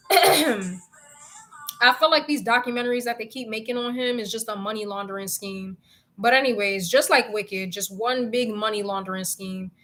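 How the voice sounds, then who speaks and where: A young woman speaks with in a bright, tense voice that sits a bit high. She chats casually to her viewers. She rants in an animated, exasperated way and swears freely. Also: normal speed. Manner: animated, profane and exasperated ranting. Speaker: vlogger.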